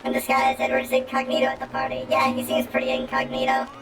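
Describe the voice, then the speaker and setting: A woman's voice: high-pitched, completely flat delivery, quick pace. A woman streaming a video game, chatting casually and swearing playfully at what happens on screen. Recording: echoey room, distant mic, game music behind.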